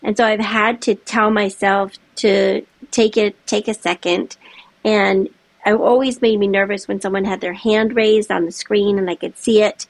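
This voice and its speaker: A middle-aged woman chatting as an interview guest, animated and laughing often. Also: medium pitch, no echo. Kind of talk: casual chat.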